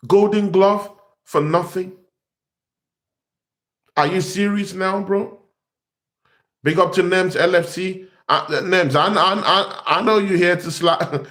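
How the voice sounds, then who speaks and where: A man's voice: high-pitched, a bit bright. A young man, host of a football fan channel, ranting in exasperation and repeating himself. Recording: echoey room.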